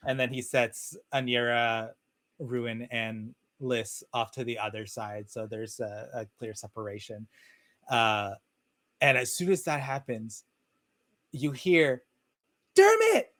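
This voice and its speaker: A man narrating as game master of a tabletop game, talking in a relaxed, rambling way with many fillers over a video call. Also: mid-range voice, slow, dry recording. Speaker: dungeon master.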